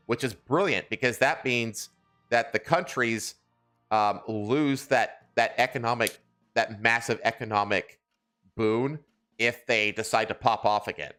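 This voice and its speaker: A man's voice: medium pitch, measured pace, sharp tone. Male podcast host, casual news riffing, crude humor, faint music bed. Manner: crude, joking, laughs often. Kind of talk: casual chat reading news.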